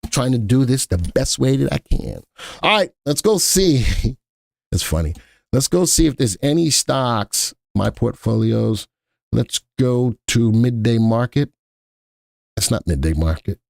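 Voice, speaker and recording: A man's voice: mid-range voice, lively intonation, measured pace, creaky, dry recording, studio quality. A man hosting a live stock market stream, chatting casually and thinking aloud as he works, often repeating himself.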